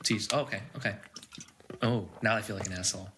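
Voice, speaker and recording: A man's voice: lowish voice, fairly even intonation, quick pace, heavy background noise. A man co-hosting a casual podcast, ranting about pet peeves and swearing freely. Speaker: podcast co-host.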